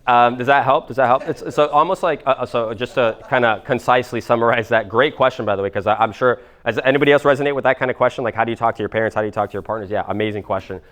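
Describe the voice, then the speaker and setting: A man in his twenties leads a live coaching Q&A at a fast clip. His talk is casual and profane, full of "like" and "you know." His pitch sits in the middle range. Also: fairly bright tone. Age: 20s. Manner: casual, profane, fast-talking with lots of fillers; acts out others' voices in quoted dialogue. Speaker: business coach.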